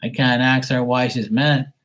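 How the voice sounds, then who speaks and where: A man running a live tarot stream, chatting and rambling in a casual, loose way. His voice sits a bit low, and he swears freely and laughs often as he talks. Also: fairly even intonation, normal speed, slightly rough, rough recording. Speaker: tarot reader.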